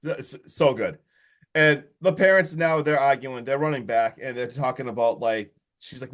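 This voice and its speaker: A man on a podcast excitedly retelling a horror movie's plot in a rambling, casual way. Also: medium pitch, a little fast. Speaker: podcast co-host.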